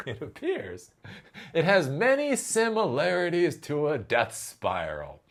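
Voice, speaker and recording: A man ranting in a commentary vlog, his pitch swinging up and down. He swears freely and bursts into loud exasperated outbursts, then drops low again. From Ohio, US. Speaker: tech commentary host.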